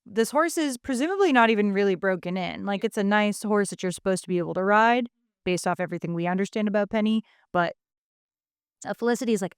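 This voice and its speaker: A woman's voice: mid-range voice, smooth, dry recording, studio quality. A woman co-hosting a podcast, recapping a book in casual chat and acting out characters' lines as she goes. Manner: animated storytelling, acting out characters in quick asides. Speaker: podcast co-host.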